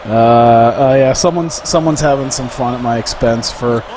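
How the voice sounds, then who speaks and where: A man's voice: medium pitch, normal speed, background noise. A young man streaming a basketball video game, chatting in a rambling, laughing way. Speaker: gaming streamer. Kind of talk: casual gameplay commentary.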